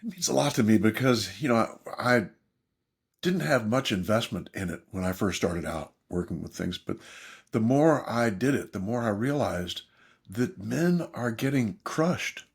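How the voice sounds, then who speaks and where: A man's voice: on the low side, moderate pace, gravelly, husky. An older man, a therapist and author, speaking as a podcast guest in an emphatic storytelling manner. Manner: animated, emphatic storyteller, mimics others in quotes.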